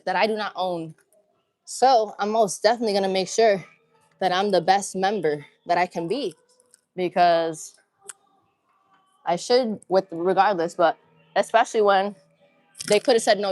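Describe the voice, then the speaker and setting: A medium-pitched, somewhat dark female voice belongs to a woman streaming her workout live from an empty gym. She welcomes viewers and keeps up hyped, slang-filled chatter.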